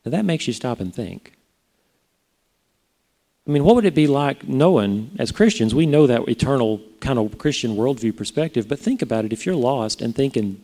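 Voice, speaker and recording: A man's voice: medium pitch, expressive, moderate pace, mellow. A man preaching a sermon in a conversational way, often putting rhetorical questions to his listeners. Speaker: pastor.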